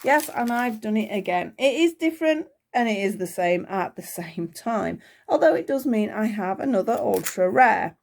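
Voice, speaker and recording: Speaking at a normal pace with vocal fry and hardly a pause, this British toy vlogger unboxes doll accessories and reviews them aloud, letting out little excited gasps. She mentions her voice is going; her medium-pitched voice sits over slight background noise.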